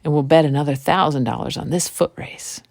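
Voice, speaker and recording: A woman voicing a scheming old witch who brags and coaxes in folksy country speech, low-pitched. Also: fairly quick, vocal fry, a little mellow, no room sound, clean studio sound.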